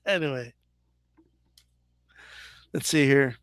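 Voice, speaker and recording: Answering viewer questions in a casual live boxing Q&A, a man talks a little slowly in a fairly high, somewhat bright voice, recorded dry. He's chatty and loose, sprinkling in "like" and "right?" constantly.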